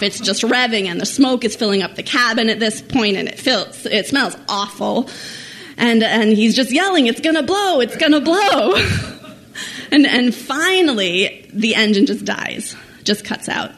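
Animated self-mocking woman storyteller. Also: on the high side. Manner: animated, self-mocking, laughs while telling. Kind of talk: personal story told to an audience.

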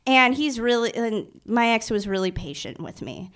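A young woman with a slightly high voice tells a story from her own life. She talks in a loose, animated way, stuffing her sentences with fillers. Her tone is anxious and self-mocking. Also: moderate pace. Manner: animated, filler-heavy retelling with many "like"s. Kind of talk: personal storytelling.

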